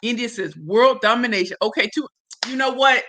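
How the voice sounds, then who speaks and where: A woman hosting a casual livestream, talking in an effusive, slangy way. Her voice is bright, a little higher than most women's, and has a forceful edge. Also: normal speed. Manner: effusive, greets viewers by name and reads comments aloud; slangy and emphatic. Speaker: livestream host.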